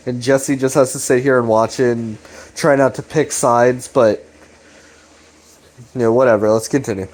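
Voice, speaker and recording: A man's voice: mid-range voice, fairly even intonation, moderate pace, darkish tone. A young man giving a casual, rambling recap commentary, loose and profane, full of fillers. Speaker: video commentator.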